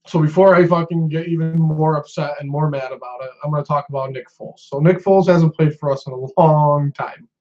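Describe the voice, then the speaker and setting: A man with a fairly high voice rants in an upset sports vlog, swearing and circling back over the same points. The recording sounds dull and lo-fi. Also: fairly quick, hardly any pauses. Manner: agitated, swearing, repeats himself. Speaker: sports fan vlogger.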